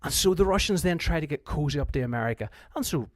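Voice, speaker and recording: A man's voice: fairly high pitch, animated, fast talker, no echo. A man with a Northern Irish accent, a history teacher giving a conversational revision lecture who often restarts his sentences and acts out quotes.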